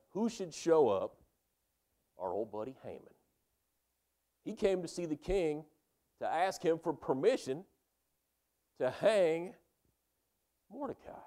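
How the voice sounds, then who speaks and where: A man's voice: on the low side, darkish tone. Chatty man retelling a Bible story. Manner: chatty, slangy.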